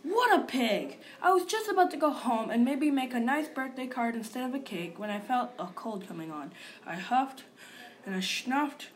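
A woman with a fairly high, expressive voice reads at a normal pace, sounding close to how she normally talks. She narrates as a male wolf, sly and self-pitying, who confides his aggrieved side of the tale.

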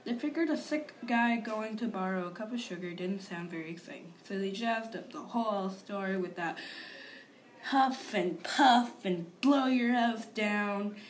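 A woman narrates as a male wolf, a sly, self-pitying figure who confides his grievances about the story. She reads a little slowly in a mid-range voice near her everyday one, with a slight hiss or hum.

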